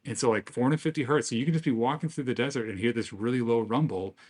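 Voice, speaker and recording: A man's voice: medium pitch, fast, darkish tone, breathy edge. Upbeat joking man chatting on a podcast. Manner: jokey and upbeat, laughing often. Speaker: podcast co-host; father of young kids. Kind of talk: casual chat.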